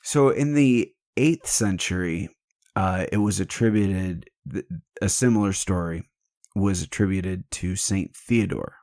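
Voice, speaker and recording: A man's low, slightly mellow voice moves at a measured pace as he hosts a podcast, recorded dry with studio quality. He turns a legend into a jokey, irreverent storytelling chat, swearing without restraint.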